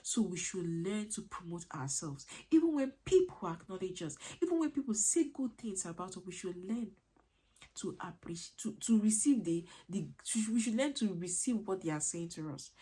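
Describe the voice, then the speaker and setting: A woman's voice: mid-range voice, sing-song, normal speed, mellow, slightly rough. A woman giving an earnest parenting lesson, driving points home with repeated rhetorical questions. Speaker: parenting coach. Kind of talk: motivational teaching talk.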